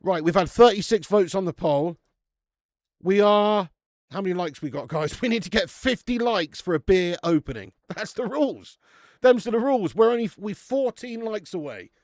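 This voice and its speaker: A British man runs a live beer review stream from a warm room in his home, chatting casually, bantering with viewers and swearing freely. His voice is high and animated at a moderate pace, with studio-quality sound and no echo.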